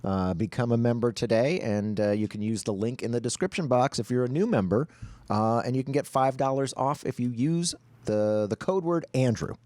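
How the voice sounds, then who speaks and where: A man's voice: medium pitch, moderate pace, a little mellow, no echo. A man co-hosting a casual show, reading viewer letters aloud and chatting in an easygoing way with fillers. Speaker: show co-host.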